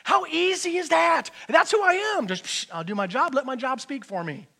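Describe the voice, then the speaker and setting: A middle-aged man giving a personal testimony in church, telling his story in an animated way and often repeating words. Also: extremely high pitch, normal speed, gravelly.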